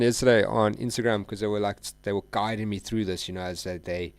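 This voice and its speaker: A man's voice: fairly low pitch, level tone, a little fast, creaky, hardly any pauses, no echo. A man, hosting a live trading stream in loose, rambling chat, full of "bro" and "like". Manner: slangy, says "bro" and "like" a lot. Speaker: livestream trader host.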